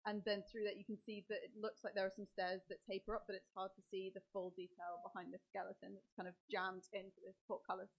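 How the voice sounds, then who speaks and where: A woman running the table as dungeon master, her voice sitting at a middle pitch. She lays out each scene in a measured way, pausing on ums as she builds the picture for the players. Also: flat delivery, gravelly, breathy edge, rough recording. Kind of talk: narrating a tabletop game.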